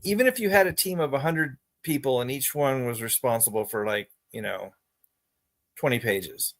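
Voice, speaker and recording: A man's voice: medium pitch, lively intonation, normal speed, fairly bright tone. Rambling, exasperated man vlogging. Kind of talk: casual monologue to camera.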